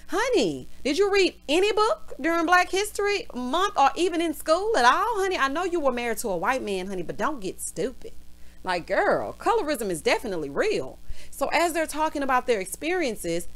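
A woman's voice: high-pitched, big pitch swings, normal speed. Sassy woman ranting. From Southern US. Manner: sassy, calls everyone honey and girl. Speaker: reality TV recap host. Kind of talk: casual recap rant.

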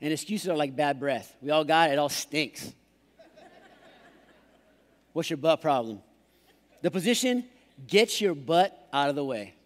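A man preaches a playful sermon, slipping into put-on voices to mock excuses. His voice sits fairly high. The sound carries the long reverb of a large church hall. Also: animated, a little slow, pauses often. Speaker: pastor.

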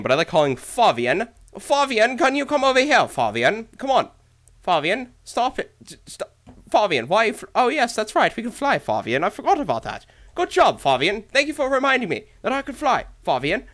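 A man commentating his gameplay in an excited, hyper way, often repeating himself. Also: high-pitched. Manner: hyper, exclamatory, repeats phrases. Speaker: let's play gamer.

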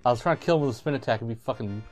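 A man's voice: mid-range voice, rapid-fire, soft background music. A young man playing a platformer on a gaming show, sarcastic and swearing freely as he plays. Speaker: co-host playing the game. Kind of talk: casual let's play banter.

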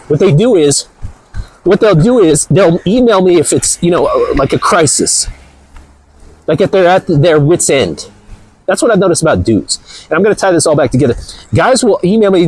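Man, husky voice, high and lively pitch, energetic rambling vlog host, clip-on mic at the gym. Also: normal speed, no room sound, low-quality recording. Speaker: channel host. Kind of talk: motivational vlog talk. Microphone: clip-on body mic.

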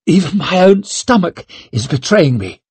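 A man's voice: a little high, sing-song, a little slow, a little mellow, slightly rough, no echo, voice pushed up, full character voice. A man voicing an ambitious, bitter young noblewoman in an audiobook, wry and defiant with a coarse tongue. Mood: weary.

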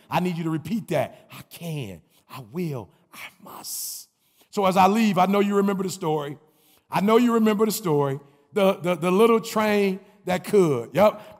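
A man giving a commencement speech, preaching in repeated refrains that build to shouts. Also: a little high, vocal fry, big-room sound. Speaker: commencement speaker. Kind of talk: motivational speech.

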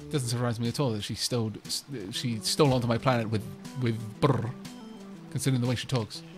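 A man streaming gameplay live, chatting excitably, reacting to the game and coaxing animals along. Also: medium pitch, fast talker, soft background music.

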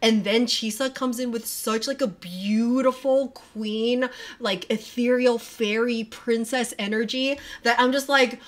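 A woman streamer reacting live in a casual, excitable way, swearing a lot and filling her talk with "like". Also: on the high side, unhurried. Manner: gushing and excitable, swears a lot, full of "like" fillers. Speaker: streamer reacting to a music video. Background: music from the video playing.

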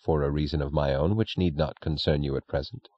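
A man reading as a calm, probing aristocrat. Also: rumbling low, a little fast, voice pushed down. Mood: composed. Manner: calm, quietly composed. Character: composed, probing young male aristocrat. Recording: dry, dull lo-fi recording.

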